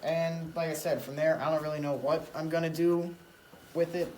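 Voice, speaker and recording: A man's voice: fairly high pitch, level tone, normal speed, a little mellow, slight background noise. A young man hosting a casual workshop vlog in his shed, easygoing and thinking aloud with fillers. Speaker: channel host.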